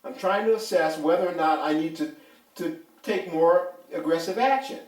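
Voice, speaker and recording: An older man, a retired police officer, gives his views in a casual interview, telling stories in a blunt, animated, emphatic way. His voice is fairly high and moves at a moderate pace. The room is echoey and the mic sits at a distance.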